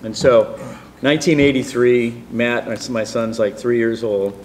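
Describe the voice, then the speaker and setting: A middle-aged man telling a personal story in a rambling, animated way, with many fillers and restarts. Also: medium pitch, unhurried, slight background noise. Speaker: storyteller guest.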